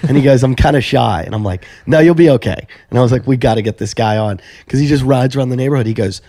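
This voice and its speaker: A man's voice: mid-range voice, quick pace, warm tone, no echo. A man hosting a podcast, chatting casually and acting out the people in his stories. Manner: acts out both sides of his stories in quoted voices. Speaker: podcast host. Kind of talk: casual chat, storytelling.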